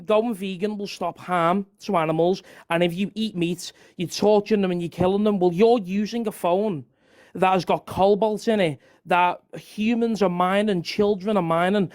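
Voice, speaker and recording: High-voiced argumentative man. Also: darkish tone. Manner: argumentative, rambling, repeats himself. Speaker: debater. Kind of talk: heated online debate.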